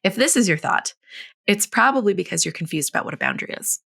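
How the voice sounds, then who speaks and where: A woman in her thirties hosting a solo podcast, coaching in a blunt, frank and animated way, swearing casually and laughing often. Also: mid-range voice, fast talker, creaky, breathy edge. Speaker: podcast host.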